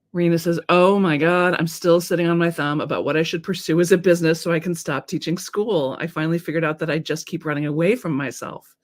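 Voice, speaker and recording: Low-pitched and animated, a woman hosts a coaching session broadcast live. She speaks candidly, swears without much thought, and shares viewer comments by reading them aloud.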